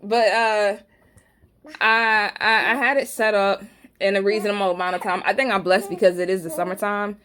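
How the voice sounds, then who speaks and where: A woman's voice: mid-range voice, level tone, moderate pace, a bit bright. Chatty New York woman vlogging. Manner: rambling, conversational, slangy and joking. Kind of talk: casual storytelling chat.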